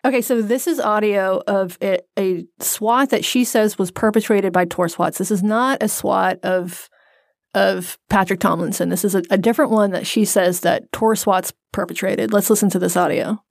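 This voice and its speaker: A woman's voice: medium pitch, steady tone, moderate pace, vocal fry, no echo. Wry woman podcast co-host, dry sound. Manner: wry, storytelling explainer. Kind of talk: casual chat.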